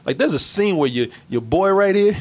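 A man's voice: high-pitched, expressive, moderate pace, a little mellow. A man chatting casually about a bad movie, laughing often and swearing freely. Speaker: movie reviewer. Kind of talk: casual profane chat.

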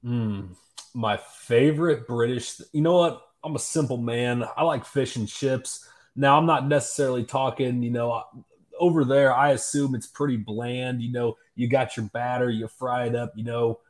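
A man's voice: mid-range voice, fairly even intonation, normal speed. A man co-hosting a sports podcast, talking in a laid-back, hesitant, folksy way. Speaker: podcast co-host. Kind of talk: casual sports podcast chat.

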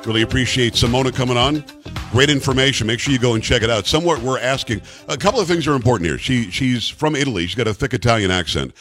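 A man's voice: mid-range voice, fast talker, fairly bright tone, faint music behind. A man hosting a talk radio show, emphatic and repetitive, with a bantering streak.

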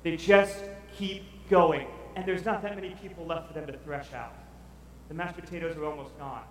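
A man preaching a lively sermon to a congregation, acting out the voices of Bible figures as he goes. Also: a little high, normal speed, slight background noise. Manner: animated, acts out Bible figures. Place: large church hall. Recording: echoey hall recorded from far off.

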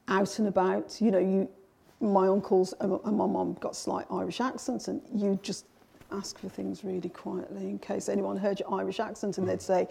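A middle-aged English woman, an author appearing as an interview guest, reflectively recounts her childhood memories in conversation, restarting her sentences often. Her mid-range voice is mellow and husky, with some vocal fry.

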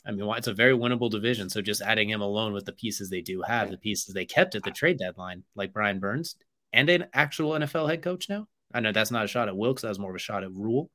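A man's voice: lowish voice, expressive, quick pace, bright, forceful tone. A young man co-hosting a sports podcast, rambling through casual chat and ad reads and tacking "as well, too" onto his sentences.

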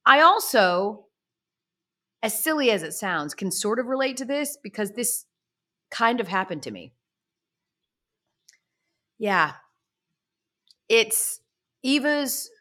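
A woman's voice: medium pitch, slow pace, long pauses. A woman in her thirties hosting a podcast, telling stories in a chatty, sarcastic way. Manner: animated, chatty storytelling with sarcastic asides. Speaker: podcast host. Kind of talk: casual chat.

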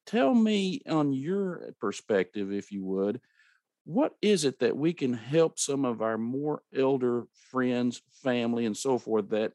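A man's voice: medium pitch, no room sound. Cast a man in his 50s as a folksy, earnest podcast host with a medium voice and a dry close mic. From rural America. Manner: earnest, folksy, animated when telling a story. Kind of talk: conversational interview, storytelling.

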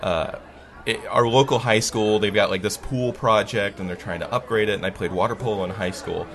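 Snarky man with a bright voice. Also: lowish voice, steady tone, brisk. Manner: snarky, wry, laughs often. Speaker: podcast regular telling a story. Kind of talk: casual storytelling chat.

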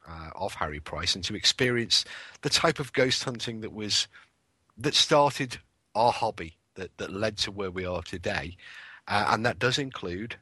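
A very deep man with a husky edge speaks with forceful energy. He is a radio guest explaining an event eagerly, often restarting his phrases. The sound is dry and close. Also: no room sound. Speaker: guest, ghost hunt organizer. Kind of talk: radio interview.

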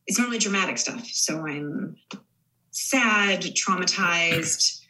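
A woman's voice: on the low side, lively intonation, slow pace, bright, forceful tone, low-quality recording. A woman in her forties, an actress guest on a podcast, talking casually with many fillers and restarts.

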